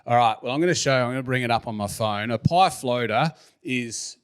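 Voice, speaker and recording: An Australian man hosting a casual podcast interview, joking and laughing as he fires off quick questions. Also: medium pitch, smooth. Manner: jokey, laughs often, quick-fire questions. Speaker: podcast host.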